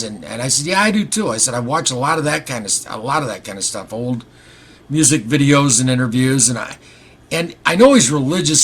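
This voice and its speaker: Husky middle-aged man telling a story. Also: mid-range voice, fairly bright tone. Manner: rambling, wry and conversational, acts out quoted dialogue. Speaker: vlogger. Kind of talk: casual storytelling to camera.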